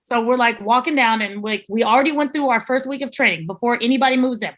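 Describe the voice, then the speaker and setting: A young adult woman, a chef guest on a podcast, telling a story in animated casual talk and swearing freely. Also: a little high, quick pace.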